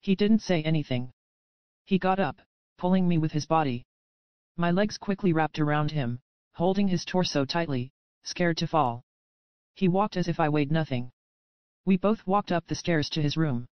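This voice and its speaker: Woman audiobook narrator, steady first-person reading, smooth tone, dry and slightly dull sound. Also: deep voice, normal speed, long pauses, no room sound.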